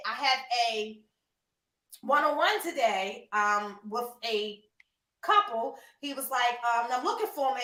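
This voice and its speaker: Woman host, animated storyteller who laughs a lot and speaks straight to her audience; high voice, echoey room. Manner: animated, laughing, addresses listeners as y'all. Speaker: podcast host. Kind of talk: casual storytelling chat.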